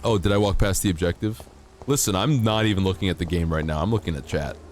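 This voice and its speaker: A man's voice: low-pitched, fast, a little mellow, soft background music. A man streaming a game, chatting casually and playfully with his chat, teasing and mock-outraged, laughing often. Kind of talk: casual live-stream chat while gaming.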